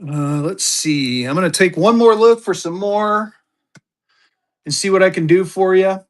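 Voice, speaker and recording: A live-stream seller chats casually with his viewers in a high, unhurried male voice. He thinks aloud while digging through his stock during a relaxed auction broadcast.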